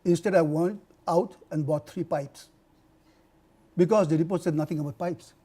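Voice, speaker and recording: An older man from India giving a university lecture on health, telling personal stories in an animated way, with many restarts. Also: fairly high pitch, normal speed, breathy edge. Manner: animated storytelling with frequent laughs and restarts.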